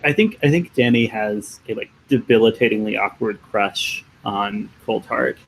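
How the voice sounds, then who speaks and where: A man's voice: on the low side, normal speed, gravelly, a little hiss or hum, poor audio. A man playing in a tabletop role-playing game, chatting casually about his character. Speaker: player. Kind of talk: casual chat.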